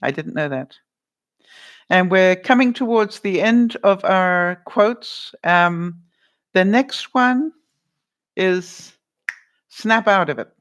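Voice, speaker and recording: A woman's voice: lowish voice, lively intonation, slow, long pauses. Chatty woman hosting a live stream. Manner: chatty, laughing, hosting movie-quote trivia. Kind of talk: casual live-stream chat, reading viewer comments.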